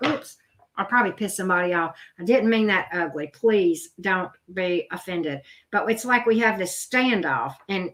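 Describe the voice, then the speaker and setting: A middle-aged woman with a drawl runs a live tarot reading, chatty and blunt, and talks straight to the people watching. Her pitch sits in the middle range, and a faint hiss runs under the camera audio. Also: fairly bright tone. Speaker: tarot reader. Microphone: video camera.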